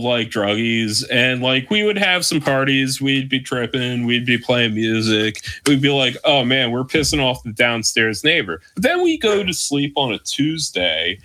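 A man's voice: medium pitch, pushed and bright. A man telling a rambling, profane story in casual chat with lots of fillers.

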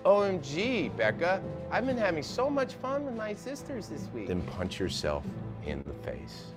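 A man's voice: high-pitched, wildly swooping pitch, a little slow, full character voice. An actor playing a furious young woman sorority officer who rants and swears in a dramatic reading over music. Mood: seething. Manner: profane, seething, building to screaming. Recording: loud music under the voice.

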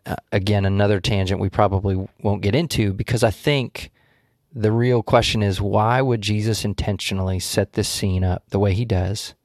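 A man with a fairly low voice talks through a scripture passage, thoughtful and explanatory, often restarting his sentences. The sound is dry and close, with no room around it. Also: steady tone, normal speed, darkish tone, no echo. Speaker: Bible study co-host. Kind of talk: casual Bible study discussion.

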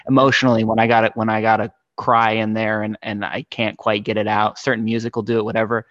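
Lower-voiced earnest podcast host. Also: male voice, little pitch movement, fast talker, a bit bright, dry recording, lo-fi sound. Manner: earnest, affirming, eager. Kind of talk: casual conversation.

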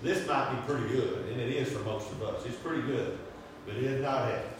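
A man's voice: medium pitch, a little fast. A man speaks up from far off in a very echoey, noisy room. He comments emphatically in a Bible class discussion and repeats his key phrases like a preacher. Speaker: class member.

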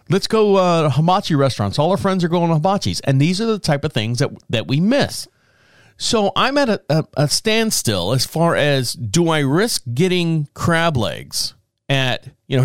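Middle-aged male podcast host, animated rambler, smooth clear voice, dry close sound. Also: dry recording. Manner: rambling, animated, laughs often, mimics others in high voices. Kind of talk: casual solo chat.

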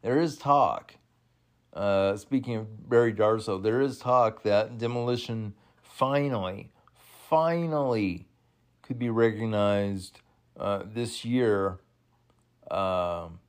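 Excitable man hosting a wrestling watch-along. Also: on the low side. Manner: excitable, exclaims and laughs at the action, halting with fillers. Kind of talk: casual live watch-along commentary.

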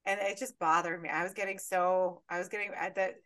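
A woman co-hosting a podcast, chatting casually and excitably, often laughing. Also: fairly low pitch, brisk. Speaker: podcast co-host. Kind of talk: casual chat.

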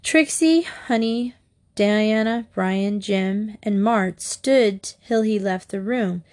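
A woman reads a children's storybook aloud in a measured, clear way. Her voice sits at a middle pitch. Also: a little mellow. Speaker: audiobook narrator. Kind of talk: storybook narration.

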